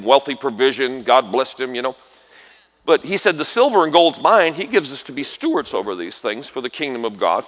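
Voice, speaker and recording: A guest preacher delivers an animated, folksy sermon in a medium-pitched voice inside a large church hall, with reverberant sound. He trades call-and-response with the congregation and swings between quiet asides and shouted exhortations.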